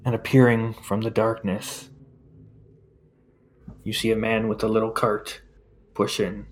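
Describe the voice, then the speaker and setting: A man's voice: on the low side, monotone, measured pace, pauses often, a little hiss or hum. Man narrating as game master.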